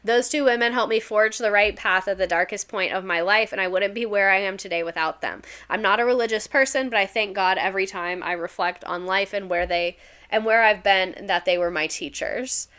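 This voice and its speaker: A woman's voice: medium pitch, fairly quick, fairly bright tone, clear, resonant tone. A young woman, a former teacher, chatting casually on a livestream, reading stories aloud, laughing often and swearing freely.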